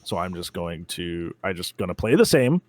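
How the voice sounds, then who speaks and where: A man talking as a guest on a casual gaming podcast, chatty and quick to laugh, with lots of "like" and "um". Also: sits low, big pitch swings, a little mellow, no echo. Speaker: interview guest, expert game player.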